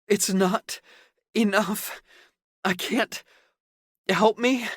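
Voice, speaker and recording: Man doing a needy young man, high pleading whimper, breathless, dry close sound, audiobook. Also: takes it slowly, fairly bright tone, dry recording.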